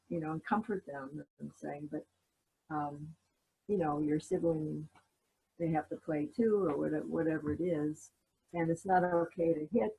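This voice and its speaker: A woman's voice: low voice, vocal fry, dark tone, husky, poor audio. A woman therapist, a guest in an interview, earnestly explaining with everyday examples. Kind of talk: conversational interview.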